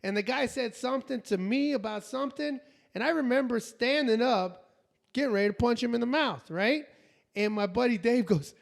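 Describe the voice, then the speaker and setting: A man in his forties tells a story on a casual podcast, speaking in a fairly high voice. He gets animated, acts out what people said and laughs as he talks. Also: moderate pace, creaky. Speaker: podcast co-host. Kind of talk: casual chat.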